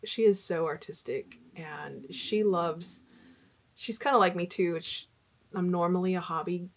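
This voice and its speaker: A woman's voice: on the low side, unhurried. A middle-aged woman vlogging about crochet in a chatty, rambling way with fillers. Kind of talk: casual chat.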